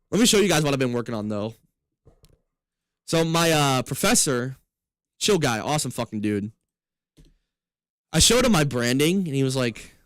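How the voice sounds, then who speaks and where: A man's voice: mid-range voice, a bit bright, no room sound. A young man live streaming, chatting loosely and profanely with viewers between laughs. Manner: loose, profane, fast-shifting banter with laughs. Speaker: gaming streamer.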